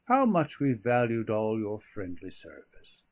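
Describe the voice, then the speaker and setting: A man's voice: fairly low pitch, wildly swooping pitch, measured pace, exaggerated voice. A man doing a mild old lord. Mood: warm. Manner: kindly, earnest.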